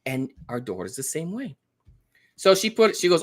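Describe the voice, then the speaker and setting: A man in his thirties tells a story on a casual podcast, his pitch swinging widely. He slips into the voices of the people he quotes and keeps a chatty storytelling manner. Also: normal speed. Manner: animated storyteller, acts out quotes. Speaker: podcast guest. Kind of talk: casual chat.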